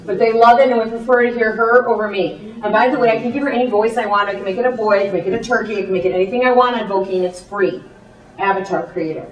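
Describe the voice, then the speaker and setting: A woman teacher giving a chatty presentation with quick asides. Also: mid-range voice. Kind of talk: classroom presentation. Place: presentation room. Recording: echoey room, far from the mic.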